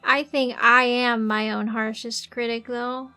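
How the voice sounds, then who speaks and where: High-voiced giggly woman streamer. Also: little pitch movement, a little slow, sharp tone, smooth, faint music behind. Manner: chatty, giggly, thinks aloud while drawing. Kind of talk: casual livestream chat with viewers.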